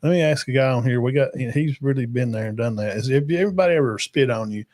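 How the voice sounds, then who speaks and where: A man's voice: medium pitch, fast, a little mellow. A man hosting a casual sports livestream, rambling and emphatic as he talks to the chat and his guests. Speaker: podcast host.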